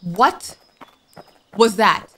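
A young woman giving let's-play commentary, jumpy and excitable, quick to panic and squeal at scares. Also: medium pitch, breathy edge. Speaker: gaming YouTuber.

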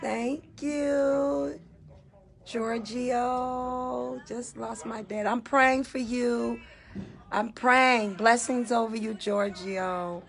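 A woman's voice: on the high side, fairly even intonation, very slow, gravelly, fairly bright tone. A middle-aged woman on a phone livestream, emotionally thanking viewers by name in a casual, gushing way. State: teary. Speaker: gospel singer on a livestream.

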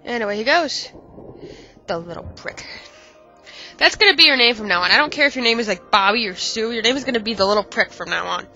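Woman gamer, stuffy nose, sarcastic and swearing, bright voice, muffled lo-fi audio with faint music. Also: fairly high pitch, expressive, fairly quick. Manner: profane, exasperated, sarcastic. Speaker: let's play gamer. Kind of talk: casual game commentary.

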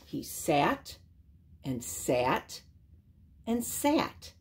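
An older woman reading a children's picture book aloud, slow and expressive. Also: deep voice, breathy edge. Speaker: storyteller. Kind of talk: children's storybook read-aloud.

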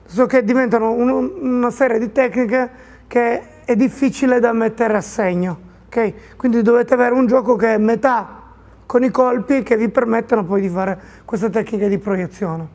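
A woman interpreting a martial arts instructor's explanations for a seminar audience in a steady, measured way. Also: a little high.

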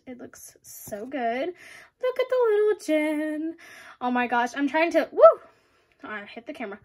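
Excitable high-voiced young woman vlogger. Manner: excitable, gushing, giggly. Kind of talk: casual unboxing vlog.

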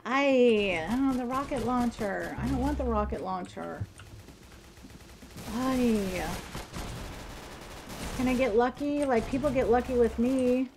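A woman streamer chatting casually through a game, excitable and talkative with bursts of exclamations. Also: on the high side, slow pace, long pauses, background noise. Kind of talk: casual gameplay commentary. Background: clear music and game gunfire.

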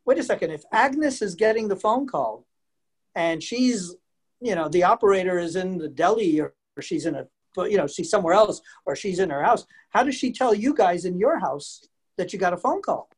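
A man's voice: high-pitched, lively intonation, moderate pace, husky. A man giving a chatty virtual history lesson, laughing often and quizzing his audience. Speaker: museum program presenter. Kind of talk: lively virtual lesson for kids and families. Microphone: video call.

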